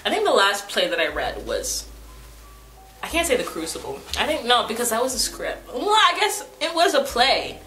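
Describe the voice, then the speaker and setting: Chatting casually to camera, a young book vlogger rambles about books with many fillers and playful jabs at herself. Her voice is fairly high, sing-song and sharp in tone, at a normal speed. Faint music sits in the background of a roomy, echoey recording.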